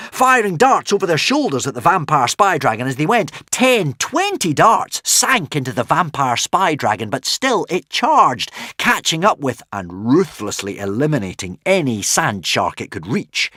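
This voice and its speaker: A man narrating a children's adventure audiobook in an animated, dramatic way with playful asides. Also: on the high side, normal speed, few pauses, dry recording, clean studio sound. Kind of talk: expressive storybook narration.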